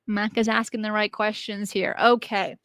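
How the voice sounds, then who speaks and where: Casual chat from a young woman hosting her channel: she responds to viewer questions animatedly, chattily and with easy laughs. Her pitch is medium, and the studio-quality audio has no room sound.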